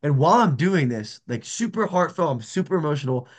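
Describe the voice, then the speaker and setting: A man's voice: fairly high pitch, brisk. A man, an MMA fighter co-hosting a podcast, telling fight stories in casual chat and acting out the quotes with laughter. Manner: animated, laughing storyteller, acts out quotes.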